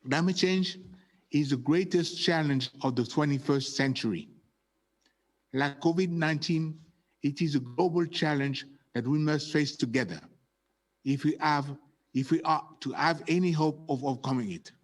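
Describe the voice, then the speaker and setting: A man's voice: on the high side, normal speed. Solemn man from Gabon giving a speech. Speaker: head of state giving a speech. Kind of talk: formal prepared speech.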